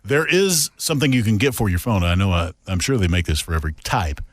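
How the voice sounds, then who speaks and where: A man's voice: on the low side, quick pace, no room sound. A man hosting a podcast in casual, joking chat with a friend, recorded in a radio station studio. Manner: chatty, animated, joking. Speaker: podcast host.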